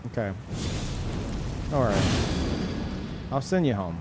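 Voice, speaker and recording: A man with a mid-range voice chats casually while streaming a video game. He rambles and hunts for words, swearing and letting out quick laughs.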